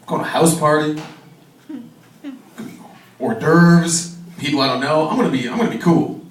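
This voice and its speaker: A man's voice: fairly high pitch, lively intonation, fairly quick, a little hiss or hum. A man performing a stand-up set, telling a profane party story and acting out the other people in it. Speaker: stand-up comedian. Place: comedy club stage. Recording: echoey room, mic from far off. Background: audience laughter.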